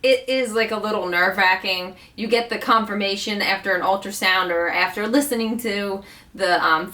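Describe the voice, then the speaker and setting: A woman's voice: mid-range voice, pushed and bright, far from the mic. A young woman vlogging casually from her bedroom at home, chatting and rambling with lots of "like"s. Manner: chatty, rambling, with many likes. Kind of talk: casual chat.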